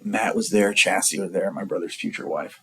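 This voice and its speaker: A man's voice: low voice, moderate pace, vocal fry, bright, forceful tone, husky, low-quality recording. A man in his forties from the San Diego area, telling a rambling, profane story in a blunt, casual way. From San Diego area, California. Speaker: storyteller vlogger.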